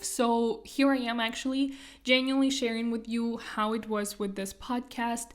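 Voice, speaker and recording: A young woman whose first language is Russian chats her way through a solo podcast. Her voice sits slightly high, and she rambles on with plenty of fillers and casual asides. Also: little pitch movement, normal speed. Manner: chatty, rambling, lots of fillers. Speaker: podcast host.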